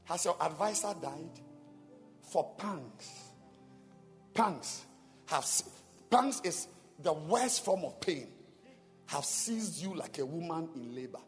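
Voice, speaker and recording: A man's voice: fairly high pitch, animated, takes it slowly, pauses often, long reverb tail, faint music behind. A male pastor preaching a sermon, repeating phrases and building up to emphatic calls to prayer. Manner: emphatic, repetitive, calls for responses.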